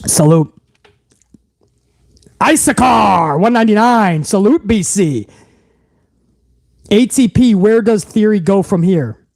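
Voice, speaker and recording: A man's voice: high voice, lively intonation, slow pace, gravelly, pauses often, a little mellow, no room sound. A young man hosting a live wrestling podcast stream, ranting heatedly with lots of swearing and reading viewer messages aloud. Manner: heated, profane ranting, reads viewer super chats aloud.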